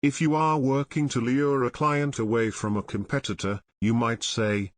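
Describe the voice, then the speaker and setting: A man narrating an audiobook summary in a measured, even reading style. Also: mid-range voice. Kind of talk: scripted narration.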